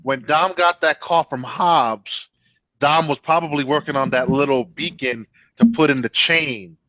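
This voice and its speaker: A man's voice: a little high, measured pace, fairly bright tone, dull audio. A man co-hosting a casual movie review chat, joking and laughing often.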